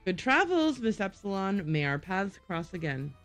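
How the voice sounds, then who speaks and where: A woman's voice: medium pitch, very animated, normal speed, faint music behind, lightly acted. A woman reading a courtly, flirtatious video game character aloud during a stream.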